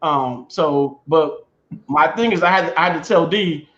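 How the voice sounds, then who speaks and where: A man from the US Midwest co-hosting a casual chat, telling stories in an animated way, repeating himself and laughing. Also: on the high side, unhurried, roomy sound, highs cut off. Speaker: podcast co-host.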